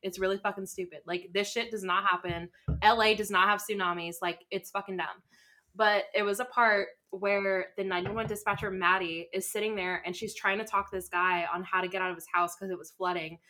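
A woman's voice: mid-range voice, fairly even intonation, a little fast, pushed and bright. A young woman in casual chat with friends, blunt and profane, laughing often.

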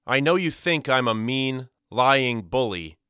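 A man's voice: mid-range voice, lively intonation, a little slow, bright, forceful tone, smooth, no echo, clean studio sound, pitched above the performer's own voice. A man voicing a stubborn teenage older brother who insists earnestly, in a storybook reading. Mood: earnest insisting.

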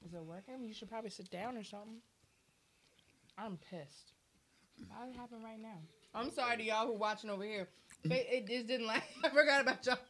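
A woman's voice: a little high, fairly quick, fairly bright tone, a little hiss or hum. A woman hosting a casual live stream at a table, chatting and laughing while eating, flustered by technical trouble. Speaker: host. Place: indoors at a table with food. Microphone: tablet or phone on a table.

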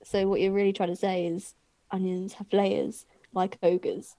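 A woman's voice: mid-range voice, little pitch movement, measured pace, mellow, dry recording. Chatty woman, dry close mic. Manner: chatty, laughs often, thinks aloud. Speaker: podcast co-host. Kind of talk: casual chat about song lyrics.

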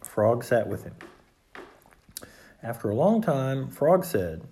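A reader narrating a children's storybook aloud, clear and expressive. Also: mid-range voice, takes it slowly, long pauses.

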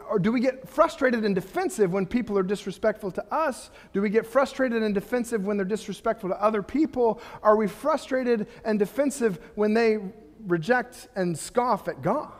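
Animated high-voiced male preacher, hall reverb. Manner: animated, rising to impassioned rhetorical questions. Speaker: pastor. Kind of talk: sermon.

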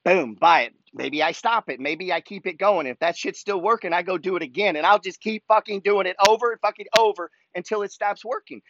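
A man's voice: high voice, fairly quick, few pauses, fairly bright tone, no echo, dull audio. A man hosting a money talk show, ranting in a fired-up, pushy way and swearing constantly as he reads follower emails. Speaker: host reading follower emails. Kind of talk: profane motivational rant.

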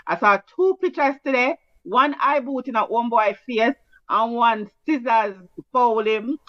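A woman with a Jamaican accent co-hosting a sports show in casual chat, brisk and teasing with patois-flavoured talk, on a dull lo-fi recording. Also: a little high, dry recording. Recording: dull lo-fi sound.

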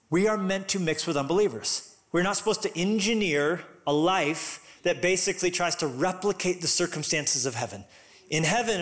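Animated male pastor preaching. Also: sits high. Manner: animated, conversational preaching with sudden loud emphatic bursts. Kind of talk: sermon.

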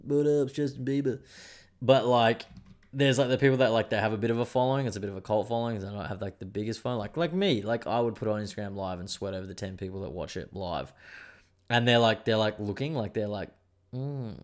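A man's voice: lowish voice, fast talker. A young man, hosting a casual monologue show. He rambles and digresses and swears freely. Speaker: podcast host.

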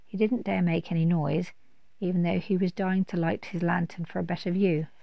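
Gravelly-voiced woman reading a storybook. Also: fairly low pitch. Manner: steady, unhurried storytelling with small slips. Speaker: narrator. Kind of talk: storybook read-aloud. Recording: dull dry recording.

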